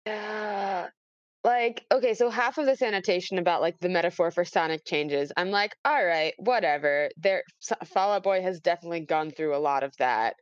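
A woman co-hosting a podcast in casual chat, quick and wry with trailing asides. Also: on the low side, no echo. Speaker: podcast co-host. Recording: dry muffled lo-fi mic.

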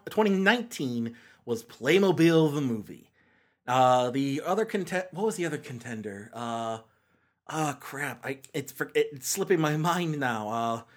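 Male podcast host, sarcastic ranting reviewer, rambles with many fillers, somewhat high pitch. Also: big pitch swings, measured pace. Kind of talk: casual comedic review monologue.

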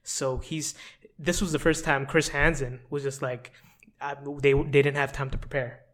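A man's voice: medium pitch, little pitch movement, moderate pace, a bit bright. A man co-hosting a casual chat, rambling through stories and acting out quotes with laughter. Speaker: podcast co-host.

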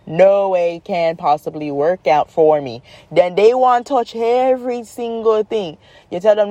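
A woman's voice: medium pitch, a little slow, no room sound. A woman tells rambling, joking stories about her children in a casual vlog. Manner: rambling, joking, animated retelling. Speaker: mother, vlogger.

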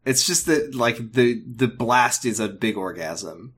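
A man's voice: medium pitch, takes it slowly, fairly bright tone, husky. Chatty joking man on a podcast. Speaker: podcast co-host. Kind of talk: casual banter.

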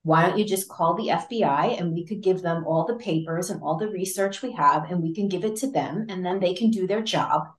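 A woman with a notably low voice recounts her story as an interview guest. She talks animatedly, laughing often and circling back with fillers and restarts. The recording has a roomy, echoey sound. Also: a little fast, few pauses. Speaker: interview guest, patient advocate. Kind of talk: conversational storytelling. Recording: roomy echo.

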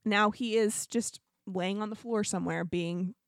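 A woman co-hosting a podcast chats casually through a pet story. She acts out other people's lines as she goes. Her voice is mid-pitched and the recording is dry and close. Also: fairly even intonation, unhurried, no room sound. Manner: chatty storyteller, quotes others, laughs often. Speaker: podcast co-host. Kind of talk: casual chat.

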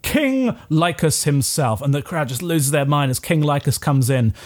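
A man's voice: mid-range voice, steady tone, brisk. A man running a tabletop game as game master, narrating casually with lots of fillers.

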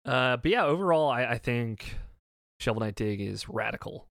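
Gravelly man chatting eagerly about games. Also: medium pitch, animated, normal speed, a bit bright, no room sound, clean studio sound. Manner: enthusiastic, rambling with many fillers. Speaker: game reviewer. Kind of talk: casual review discussion.

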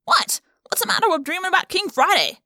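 A woman's voice: extremely high pitch, animated, fast talker, pushed and bright, no room sound, studio quality, pitched above the performer's own voice, exaggerated voice. Woman reading as a wisecracking teen boy. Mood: joking. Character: joking, defensive teen boy.

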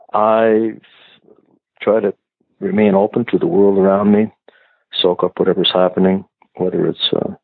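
Acadian man, singer-songwriter guest, very deep gravelly voice, halting answers over a tinny phone line. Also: no room sound. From Canada. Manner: hesitant, many restarts and fillers. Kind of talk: casual interview answers.

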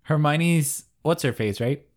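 A man's voice: on the high side, a little slow. A man co-hosting a podcast, talking casually and hesitantly about shows and movies. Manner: easygoing, hesitant, with ums. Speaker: podcast co-host.

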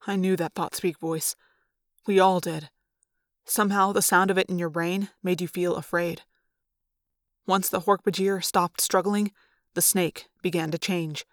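Female narrator for a storybook read-aloud, expressive and measured, dry close sound. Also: lowish voice, no room sound. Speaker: reader.

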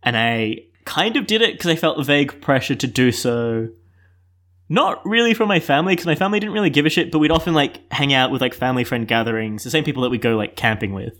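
A man's voice: mid-range voice, fast talker, fairly bright tone. Laid-back rambling man. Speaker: stand-in podcast co-host. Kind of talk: casual podcast chat.

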